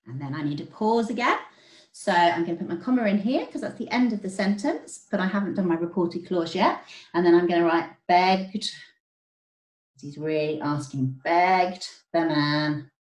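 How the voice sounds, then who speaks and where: A woman teacher, explaining writing step by step in an online lesson, clearly and encouragingly. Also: fairly low pitch, lively intonation, fairly quick, a little mellow. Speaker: primary school teacher. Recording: roomy echo.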